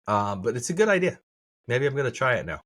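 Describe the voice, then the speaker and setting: A man's voice: medium pitch, sing-song, quick pace, fairly bright tone. A man co-hosting a podcast in casual chat, laughing often, stammering and restarting his sentences. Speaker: podcast co-host.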